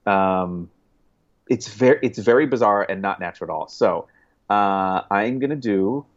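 A man, a guest author, chatting casually in an interview, rambling with restarts and quick laughs. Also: lowish voice. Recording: dull lo-fi sound.

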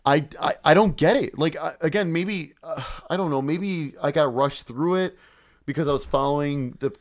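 A man's voice: on the high side, normal speed. A man co-hosting a casual podcast, rambling, swearing freely and acting out his own reactions. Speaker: podcast co-host. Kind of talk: casual chat.

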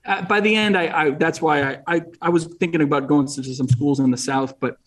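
A man's voice: fairly high pitch, a little fast, fairly bright tone, far from the mic. A middle-aged man from New England, talking as an interview guest in a rambling way, with many restarts and fillers. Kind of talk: casual interview chat.

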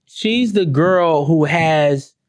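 A woman's voice: very slow, a little mellow, no echo, clean studio sound. A woman hosting her own podcast, ranting bluntly and sarcastically with lots of swearing and rhetorical questions. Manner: swings between high exclamations and low, dropped asides. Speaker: podcast host. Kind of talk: profane ranting podcast monologue.

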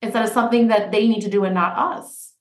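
A woman hosting a podcast, chatting and telling stories in a lively, casual way. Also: mid-range voice, fast talker. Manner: chatty, animated storytelling. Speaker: podcast host. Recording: roomy echo.

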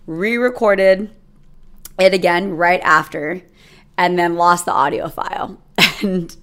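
A young adult woman hosts her own podcast, telling a personal story in a chatty, rambling solo monologue full of fillers. Her voice sits on the low side with fairly even intonation, and she speaks slowly in a clear, resonant, slightly bright tone.

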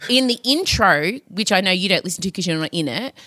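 Animated woman, 30s, podcast co-host; bright, crisp tone, recorded dry. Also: fairly low pitch, fast, dry recording. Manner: animated, swears and laughs often. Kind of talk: casual chat.

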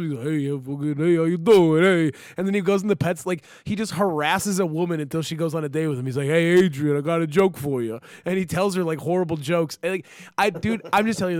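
A young man hosting a casual podcast, ranting loudly and laughing as he talks. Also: a little high, no room sound, studio quality. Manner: loud, animated, laughing ranter. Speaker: podcast host.

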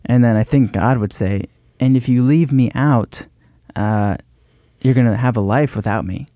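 A man's voice: mid-range voice, normal speed, mellow, no room sound, studio quality. A man co-hosting a faith podcast who talks reflectively and hesitantly, with many likes and ums. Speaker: podcast co-host. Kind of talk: conversational faith discussion.

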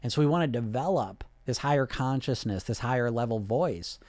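A man in a casual, animated coaching talk on weight loss, mid-pitched and lively as he acts out inner voices. He laughs often and swears freely. The sound is dry and close. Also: brisk, no room sound.

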